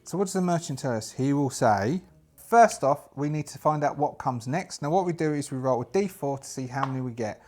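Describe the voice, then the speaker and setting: A man's voice: medium pitch, lively intonation, fairly quick, a little mellow. A man narrating a solo tabletop game, thinking aloud and restarting often as he rolls dice. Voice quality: thinks aloud while rolling dice, stop-start restarts. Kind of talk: casual solo actual-play narration.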